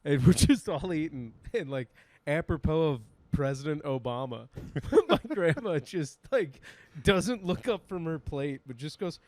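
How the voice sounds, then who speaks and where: A man co-hosting a comedy podcast, telling stories in a loose, animated way and laughing often. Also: fairly high pitch, measured pace, no room sound. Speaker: podcast co-host. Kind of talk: casual comedic banter.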